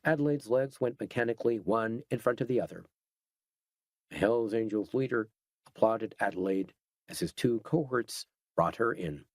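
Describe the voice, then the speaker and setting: A man giving steady, scripted narration of a horror audiobook. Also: fairly low pitch, normal speed, no echo.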